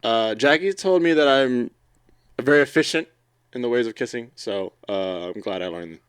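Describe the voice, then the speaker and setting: A man who is a guest on a podcast, answering questions in short, relaxed replies. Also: medium pitch, moderate pace, smooth, dry recording, clean studio sound. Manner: short, laid-back answers. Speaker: guest, streamer. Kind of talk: casual interview chat.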